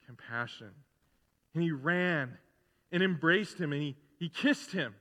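A man's voice: on the high side, a little slow, big-room sound. A man preaching a sermon in a casual, conversational way, acting out the characters as he retells a story. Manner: animated, acts out characters, conversational asides. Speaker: pastor.

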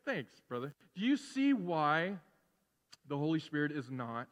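A man preaching a sermon to his congregation, conversational and joking, shifting between emphatic points and soft asides. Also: a little high, very animated, a little slow, lo-fi sound. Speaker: pastor. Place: church sanctuary. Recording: long reverb of a church hall.

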